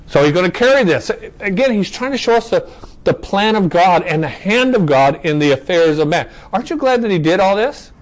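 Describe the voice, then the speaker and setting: Man with a higher voice, teaching scripture. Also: animated, brisk, low-quality recording. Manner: asks rhetorical questions and checks in with "okay?"; restarts phrases while reading verses aloud. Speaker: Bible study teacher. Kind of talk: conversational scripture teaching to a small class.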